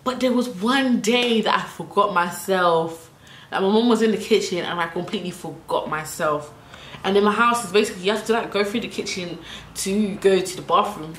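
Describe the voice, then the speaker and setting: A woman's voice: medium pitch, normal speed, fairly bright tone, echoey room, a little hiss or hum. Chatty young woman. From South London. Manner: chatty, lots of fillers, acts out quotes. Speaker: vlogger. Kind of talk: casual storytime.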